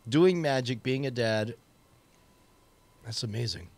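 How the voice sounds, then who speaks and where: A man's voice: medium pitch, moderate pace, no echo. Stream host, man, chatty and joking, eats while he talks, dry close sound. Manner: chatty, joking, talking with his mouth full. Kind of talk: casual chat.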